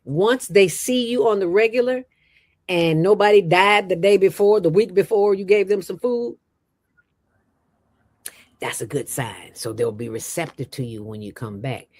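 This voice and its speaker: A woman who founded a nonprofit, telling stories in an interview with an emphatic, streetwise, animated manner. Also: mid-range voice, measured pace.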